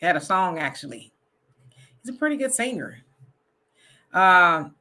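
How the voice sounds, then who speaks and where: A woman's voice: medium pitch, moderate pace, sharp tone. A woman hosting a casual live online talk show, reading viewer comments aloud, frank and laughing often.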